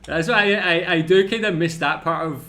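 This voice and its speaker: A man's voice: on the high side, fairly quick, music in the background. A Scottish man hosting a casual reaction video, chatty and self-deprecating, often tacking "man" onto his sentences. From Scotland.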